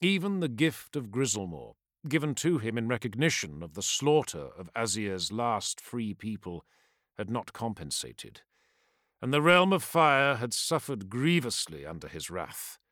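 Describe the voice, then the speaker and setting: A man giving a scripted, theatrical narration of a dark fantasy audiobook, building in intensity. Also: mid-range voice, big pitch swings, measured pace, no room sound, studio quality.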